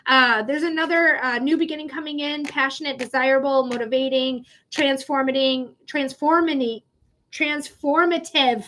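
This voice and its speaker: High-pitched woman, casual livestream tarot host, emphatic and a bit profane. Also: steady tone, normal speed, hardly any pauses, a bit bright. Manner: chatty, emphatic, swears casually. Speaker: psychic reader, livestream host. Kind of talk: live tarot reading, casual chat.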